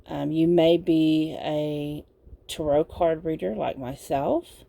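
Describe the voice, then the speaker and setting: A woman gives a casual pick-a-card tarot reading in a drowsy, unhurried way. Her fairly low voice has a gravelly edge, and she meanders through her points with plenty of fillers. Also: mellow. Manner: slow, meandering, with many fillers and laughs. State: sleepy, yawning. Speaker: tarot reader.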